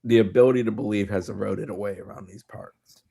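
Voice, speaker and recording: A man's voice: on the low side, steady tone, brisk, gravelly, mellow. A man on a sports podcast panel making wry, weary asides. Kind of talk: casual roundtable chat.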